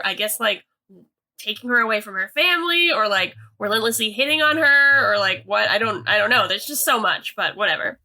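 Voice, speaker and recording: A young woman with a bright, slightly high voice chats through a TV recap. She hedges with "like" a lot and trails into asides. It's a relaxed podcast conversation. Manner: chatty, hedging with "like", reads quotes aloud. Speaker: podcast co-host. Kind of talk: casual episode recap.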